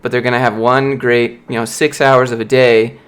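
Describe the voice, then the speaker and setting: A man's voice: medium pitch, flat delivery, moderate pace, a bit bright, clean tone. A young man on a casual livestream, reading and answering viewer chat in a blunt, motivational way. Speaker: streamer, software developer.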